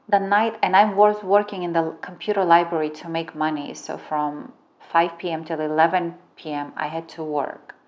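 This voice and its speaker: A middle-aged woman, not a native English speaker, telling a dramatic personal story as a relationship coach and swearing freely. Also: on the low side. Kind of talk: storytelling talk.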